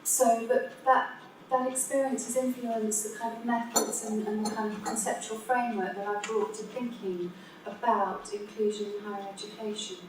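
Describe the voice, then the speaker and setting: A woman professor giving a conference talk in a measured, explanatory way with some fillers. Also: mid-range voice, flat delivery. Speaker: keynote speaker, professor of education. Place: university conference room. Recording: roomy, distant mic, noisy.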